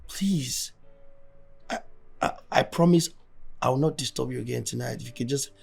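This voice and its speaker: An actor with a Nigerian accent playing a wealthy boss who is later paralyzed and pleads weakly for help. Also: male voice, medium pitch, gravelly, darkish tone, slightly rough. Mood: pleading. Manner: measured praise, then weak pleading. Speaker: company owner, later bedridden patient. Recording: film soundtrack with faint music.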